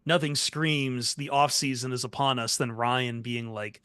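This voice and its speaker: Man, podcast host, bright and dry-sounding, quick joking asides. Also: mid-range voice, steady tone, clean tone, no room sound. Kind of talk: casual podcast banter.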